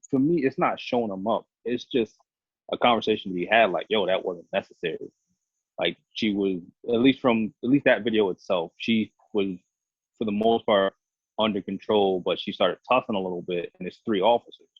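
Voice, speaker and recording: Police officer, podcast co-host, deep husky voice, earnest rambling delivery, dry tinny phone-like sound. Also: male voice, normal speed, no echo. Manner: earnest, rambling explanations full of restarts. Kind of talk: casual podcast discussion.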